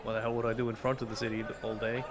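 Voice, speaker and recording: A man's voice: fairly low pitch, flat delivery, very fast. A man playing in a tabletop role-playing game, making joking, sarcastic remarks. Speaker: player.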